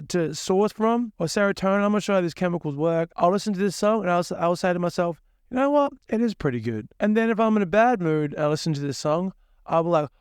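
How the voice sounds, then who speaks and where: A man's voice: sits high, a little mellow, clear, resonant tone, no echo, clean studio sound. A young man hosting his own music podcast, rambling crudely and swearing as he laughs at himself in a casual monologue.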